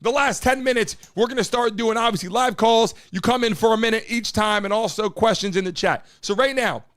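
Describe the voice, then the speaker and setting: A man hosting a live streamed talk show, brash and profane, a little hoarse as he talks to his chat. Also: sits high, brisk, fairly bright tone. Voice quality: a bit hoarse, froggy. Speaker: host of a live call-in show.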